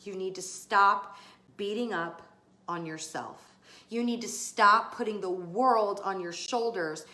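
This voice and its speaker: A woman's voice: medium pitch, slow pace, pushed and bright. A woman podcast host and business coach giving a motivational talk, emphatic and fired up, cursing casually as she urges listeners on. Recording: roomy, echoey room.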